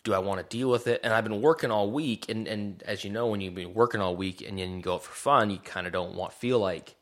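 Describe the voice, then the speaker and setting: A man with a low voice co-hosts a casual podcast conversation. He rambles and pokes fun at himself, often trailing off and restarting mid-sentence. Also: quick pace. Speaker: podcast co-host. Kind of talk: casual chat. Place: Vancouver area.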